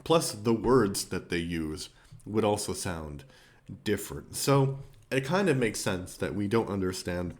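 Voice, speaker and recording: A man talks through his thoughts on a classic film in a loose, conversational way. His voice sits a little on the low side, and he often circles back, restarts sentences and fills pauses as he goes. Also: expressive. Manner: rambling, thinks aloud with fillers and restarts. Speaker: film reviewer. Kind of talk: casual spoken film review.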